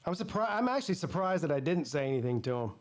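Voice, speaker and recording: The sports channel host talks fast in a fairly high, sing-song voice. During his live football watch party he mixes game commentary with casual rants and stories, full of swearing.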